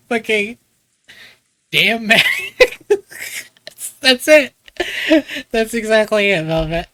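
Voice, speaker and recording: Streamer: a man from the US, excitable and profane, fairly high voice. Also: extremely slow, long pauses, no room sound. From United States. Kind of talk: live let's play commentary.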